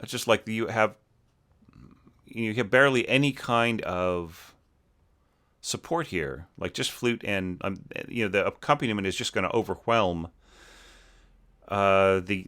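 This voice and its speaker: A man with a fairly low but bright, forceful voice talks through a student's orchestral score. He thinks aloud, keeps checking in with "right?", and sometimes sings rhythms on nonsense syllables. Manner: thinking aloud, many fillers and tag questions. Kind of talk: casual spoken critique.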